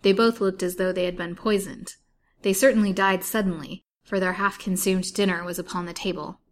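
A courteous gentleman detective speaks in formal, measured sentences, as a woman puts him on. The tone sits slightly low, over a faint background hiss. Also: steady tone, lightly acted.

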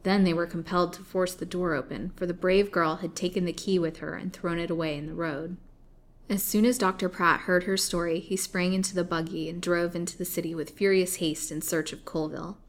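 A woman reading an old serialized novel aloud, expressive and dramatic. Her voice sits on the low side for a woman. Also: a little fast. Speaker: storyteller.

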